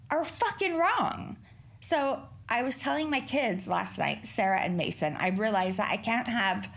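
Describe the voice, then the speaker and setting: A middle-aged woman hosting a podcast alone, chatting casually in a rambling, profane way. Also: fairly high pitch. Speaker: podcast host. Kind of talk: casual solo podcast chat.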